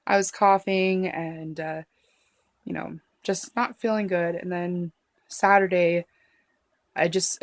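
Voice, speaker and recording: Woman vlogging, kinda low voice, dry close sound, lots of ums and restarts. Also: no room sound. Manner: halting, emotional, many fillers and restarts. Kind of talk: personal storytelling to camera.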